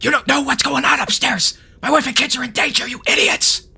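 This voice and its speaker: A man voicing a middle-aged male town mayor who whisper-shouts in exasperation, desperate to protect his family. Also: extremely high pitch, fairly even intonation, fairly quick, creaky, husky, voice pushed up, heavily acted. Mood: angry whisper.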